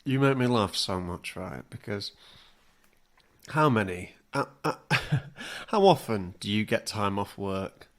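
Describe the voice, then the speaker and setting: Lively, bright-voiced comic man. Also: on the low side. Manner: jokey, playful, quick to laugh. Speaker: podcast co-host. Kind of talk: casual comedic chat.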